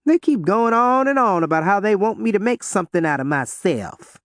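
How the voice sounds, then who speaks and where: A reckless teenage girl, high-pitched and defiant, drawls her words with a pushy edge, as a male narrator puts her on. The voice leaps up and down with energy. It sounds dry and close. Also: lively intonation, brisk, a bit bright, no echo.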